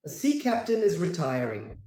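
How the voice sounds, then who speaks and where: Guy reading jokes off a script, flat delivery, kinda high mellow voice, echoey room. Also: moderate pace. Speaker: joke narrator.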